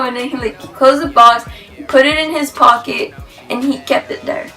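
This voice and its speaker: A woman's voice: sits high, normal speed, faint music behind, low-quality recording. A woman vlogger telling a rambling, gushing story in a casual way, full of "like" and restarts. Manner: excited, rambling, gushing, heavy use of "like".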